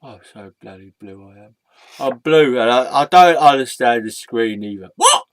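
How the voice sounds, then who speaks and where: A man voicing a gloomy, bored male blue sock puppet who mumbles and grumbles in a low, slow voice. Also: expressive, dry recording, lightly acted. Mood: confused muttering. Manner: mumbling, mopey, low-energy.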